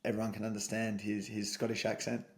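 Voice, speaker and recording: A man co-hosting a casual football podcast, relaxed and swearing freely. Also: lowish voice, quick pace. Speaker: podcast co-host.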